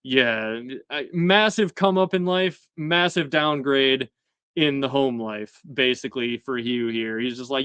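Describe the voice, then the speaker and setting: A man's voice: mid-range voice, slow pace, a bit bright, clear, resonant tone, no room sound. A young man hosting a casual live-stream, talking animatedly with laughs and acting out characters' lines. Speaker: host.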